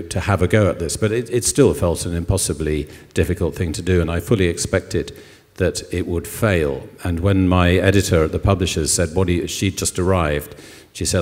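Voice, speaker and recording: An older man, a novelist, talking thoughtfully on stage at a literary festival, pausing often with ums. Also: low voice, darkish tone. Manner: thoughtful, hesitant with many ums. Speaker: novelist guest. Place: concert hall on stage. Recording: long hall reverb.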